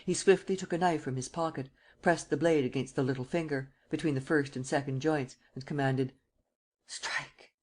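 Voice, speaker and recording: Woman reading an old crime novel aloud, low voice, steady and even. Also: fairly quick, few pauses. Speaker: audiobook narrator. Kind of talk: scripted narration.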